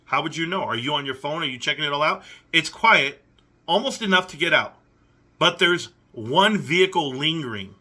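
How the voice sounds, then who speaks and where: A man's voice: on the high side, animated, normal speed, bright, forceful tone. A young adult man hosting a reaction commentary, reading messages aloud and picking at them with sarcastic, incredulous questions. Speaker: commentary channel host.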